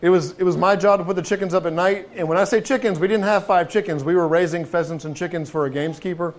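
High-voiced man preaching conversationally. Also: quick pace. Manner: conversational, asks the listeners rhetorical questions; frequent restarts and repeated words. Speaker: pastor. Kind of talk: sermon.

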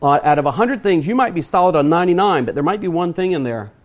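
Middle-aged male preacher, sermon delivery, earnest and emphatic, slightly raised pitch. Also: expressive. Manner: earnest, emphatic, speaks slowly to stress points; asks the audience direct questions.

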